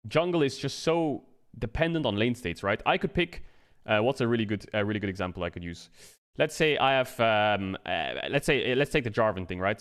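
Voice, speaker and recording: A man's voice: medium pitch, fairly bright tone. Man, streamer, casual rant, conversational, checks in with "right?", swears casually. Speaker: streamer and game analyst.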